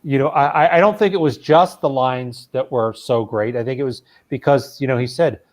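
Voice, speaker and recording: A man's voice: mid-range voice, brisk. A man who is a guest on a casual chat, talkative and hesitant, full of you-knows. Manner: talkative, hesitant with fillers, slips into mock voices.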